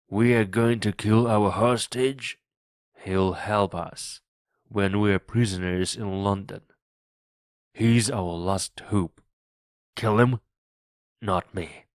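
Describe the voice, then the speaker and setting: A man voicing a cunning old male pirate captain who reads his lines loudly and commandingly in a read-aloud audiobook. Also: lowish voice, no room sound, studio quality. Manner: loud, commanding and threatening.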